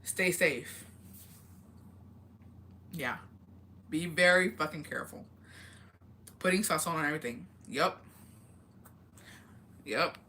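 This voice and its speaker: A woman's voice: sits low, slow pace, long pauses, sharp tone. Profane, chatty woman on a live stream. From Mexican heritage. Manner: blunt, profane, chatty, reads comments aloud. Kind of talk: casual live-stream chat.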